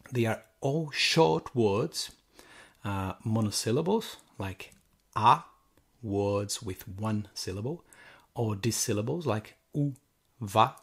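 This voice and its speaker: Slow, husky-voiced male lecturer. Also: mid-range voice, expressive. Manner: slow and halting, many fillers and restarts. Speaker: university language lecturer. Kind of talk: recorded sample lecture.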